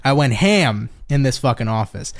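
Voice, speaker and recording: A man's voice: mid-range voice, lively intonation, moderate pace. A young man giving a casual tarot reading from his home office, laid-back and swearing freely, with frequent laughs. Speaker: tarot reader.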